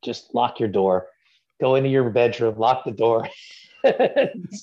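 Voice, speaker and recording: A man's voice: mid-range voice, moderate pace, muffled recording. A man guesting on a podcast as an actor, chatting casually and rambling with plenty of fillers and restarts. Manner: easygoing, rambling with many fillers.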